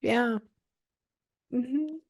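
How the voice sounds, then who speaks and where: A woman working as a psychic medium, giving a client a reading and passing on messages in an animated, chatty way. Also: a little high, very slow, no echo, clean studio sound. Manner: animated, relays messages in quotes, frequent "hold on".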